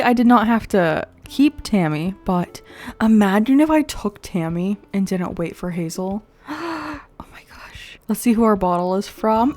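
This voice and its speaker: A young woman giving casual commentary while playing a video game, excitable and quick to gasp and laugh. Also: fairly high pitch. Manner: excitable, gasps and laughs often. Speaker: gaming video creator.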